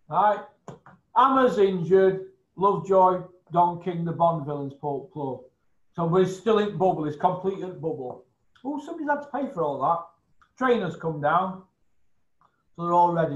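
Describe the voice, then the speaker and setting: High-pitched bloke ranting, swears loads, keeps going "hasn't he?", roomy kinda dull recording. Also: animated, unhurried. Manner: blunt, sweary ranting with tag questions. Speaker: show regular. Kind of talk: casual boxing chat. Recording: roomy, slightly dull sound.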